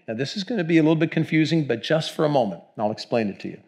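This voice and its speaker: Guy preaching, chatty storyteller, kinda high voice. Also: expressive, fast, hardly any pauses. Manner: storytelling, conversational preaching with asides. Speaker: pastor. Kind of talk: sermon.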